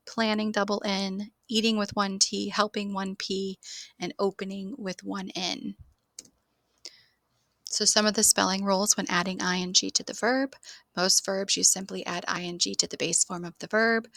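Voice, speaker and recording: A woman's voice: on the low side, creaky, a bit bright, dry recording. A woman teaching an online English grammar lesson, explaining steadily and spelling words out letter by letter.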